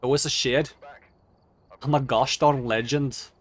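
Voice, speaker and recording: A man's voice: mid-range voice, steady tone, measured pace, slightly rough. A man putting on an accent to play a boastful, cursing male ghost hunter during a gaming stream. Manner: boastful, profane and loud.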